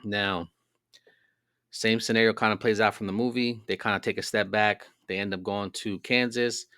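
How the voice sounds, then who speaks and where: Podcast host, male, low register, loose rambling delivery, dry close mic. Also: fairly even intonation, moderate pace, bright, forceful tone, dry recording. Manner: rambling, filler-heavy storytelling. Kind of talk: casual monologue.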